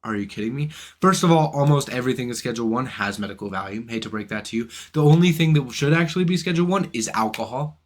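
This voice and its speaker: Talking fast with lively intonation, this young man's mid-range voice carries an angry, profanity-laced rant delivered to camera. He hosts a philosophy channel and piles on rhetorical questions.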